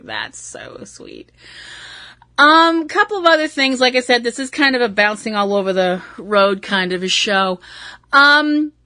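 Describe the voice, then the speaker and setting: Bright-voiced woman ranting about wrestling. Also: medium pitch, dry recording. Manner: blunt, swears freely, animated rants. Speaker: podcast host. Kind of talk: casual wrestling commentary.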